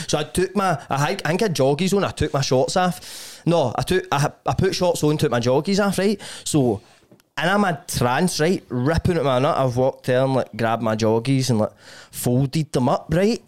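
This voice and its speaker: A man's voice: a little high, moderate pace. A young Scottish man hosting a casual podcast, telling rambling, sweary anecdotes with laughs. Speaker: podcast host.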